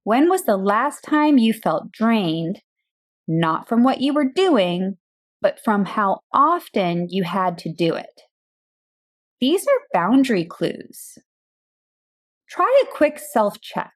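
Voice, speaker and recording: A woman hosting a coaching podcast, speaking in a calm, direct scripted monologue with rhetorical questions. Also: mid-range voice, slow pace. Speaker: burnout and boundaries coach, podcast host.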